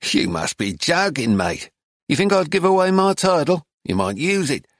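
A man's voice: on the high side, very animated, moderate pace, dry recording, studio quality, pitched above the performer's own voice. A man voicing a boastful outback policeman with a thin, petulant voice, in an audiobook reading.

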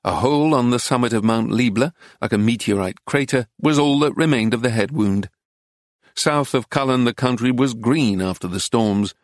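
Male narrator, mid-pitched, steady travelogue read, dry close mic. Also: moderate pace, no room sound. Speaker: audiobook narrator. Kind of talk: scripted narration.

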